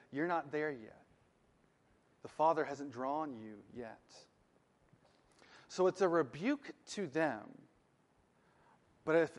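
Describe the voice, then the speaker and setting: A male pastor delivers a sermon in an earnest, emphatic way, slowing down to press home key phrases. His voice sits fairly high for a man. A long reverb hangs behind him, as in a church sanctuary.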